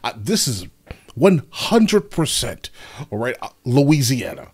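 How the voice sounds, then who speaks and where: A man's voice: mid-range voice, takes it slowly. A man hosting a reaction video, commenting casually and expressively with disbelief. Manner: expressive, incredulous.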